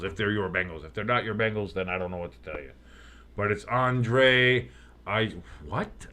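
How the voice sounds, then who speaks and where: With a lowish voice and a moderate pace, this streamer gives loose, joking commentary on a live game. He gets excited when big plays happen and keeps up a running conversation with his viewers.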